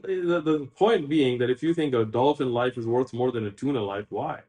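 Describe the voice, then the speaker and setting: A male podcast host who talks in lively, quick bursts, his voice jumping up for emphasis. He sits at mid pitch and keeps a casual, chatty interview tone.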